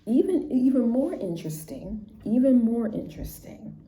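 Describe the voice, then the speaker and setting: In a slightly high, mellow, sing-song voice at a moderate pace, a woman teacher casually tells a story from her classroom, regularly adding "right?" and "you know". The room echoes, and faint background noise can be heard.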